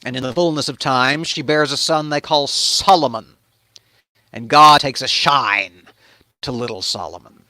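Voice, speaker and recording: A man's voice: mid-range voice, unhurried, bright, forceful tone, no room sound, studio quality. A man hosting a comedic, irreverent retelling of scripture, with sardonic and profane narration. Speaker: host.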